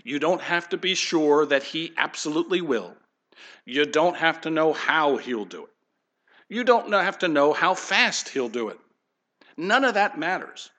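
A man's voice: on the high side, sing-song, unhurried, pushed and bright. A middle-aged man, a pastor, giving a conversational sermon and putting questions straight to his congregation. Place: church sanctuary.

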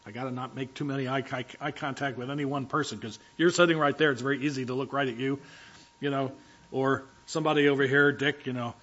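A man's voice: medium pitch, fairly even intonation, quick pace, fairly bright tone, highs cut off. A man preaching a sermon as pastor, talking conversationally and directly to his congregation in a church.

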